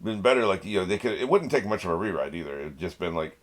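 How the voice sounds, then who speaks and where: A man's voice: deep voice, lively intonation, fast. A man hosting an anime reaction video, chatting casually, laughing often and talking back to the screen. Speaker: anime reaction channel host.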